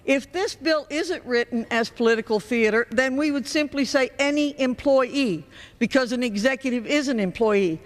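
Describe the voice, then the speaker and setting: A woman's voice: sits high, normal speed. A congresswoman making a pointed, polite objection on the floor of a large legislative chamber. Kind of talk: floor debate speech. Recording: long reverb of a large chamber.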